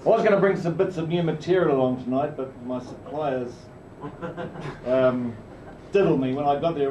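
Dry, rambling stand-up comedian. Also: male voice, a little high. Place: pub comedy club. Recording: muffled distant echoey room recording. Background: room noise.

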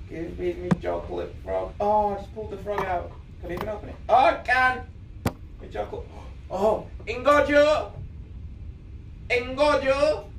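A gamer commentating on a VR game, excitable and yelling spell words at it. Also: medium pitch, slow, pauses often. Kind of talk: let's play commentary. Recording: echoey room, mic off at a distance, faint noise.

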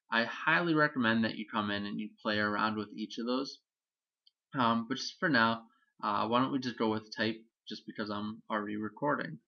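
A man, a teacher, walks through a software tutorial on screen in a relaxed explanatory way, with frequent ums. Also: lowish voice, gravelly, dull audio.

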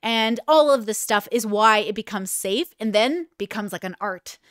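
A woman's voice: mid-range voice, normal speed, fairly bright tone, dry recording, studio quality. A woman, hosting a podcast in a candid, chatty, self-deprecating way. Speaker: podcast host. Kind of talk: casual podcast talk.

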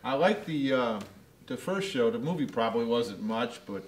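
A man co-hosting a casual show, tossing in deadpan one-liners. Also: mid-range voice, moderate pace. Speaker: co-host. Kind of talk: casual joking banter.

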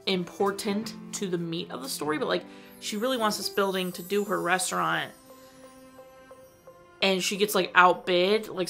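A woman's voice: lowish voice, pushed and bright. A young woman talking casually and enthusiastically as she reviews a film, full of "like" fillers. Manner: gushing, enthusiastic, frequent "like" fillers. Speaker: movie reviewer. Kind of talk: casual chat.

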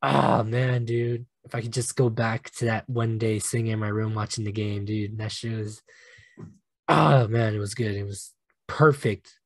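A young man hosting a solo sports podcast, animated and emotional, swearing casually and laughing at himself. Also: fairly low pitch, moderate pace, vocal fry, no echo. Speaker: podcast host.

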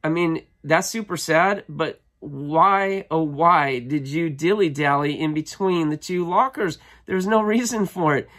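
A man's voice: fairly high pitch, unhurried, hardly any pauses, a bit bright. A man vlogging casually, telling a long story with many ums and restarts, then touring a storage unit he bought. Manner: chatty, rambling, frequent ums and restarts. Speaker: storage locker buyer and vlogger.

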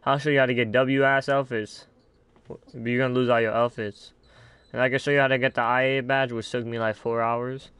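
A young man chatting casually on his live game stream, excitable and quick to laugh. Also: medium pitch, smooth, no echo. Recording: faint background noise.

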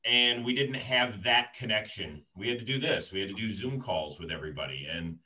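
A man, a sports commentator, telling a story in casual chat, animated and laughing as he acts out what people said. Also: on the low side, a little fast, poor audio.

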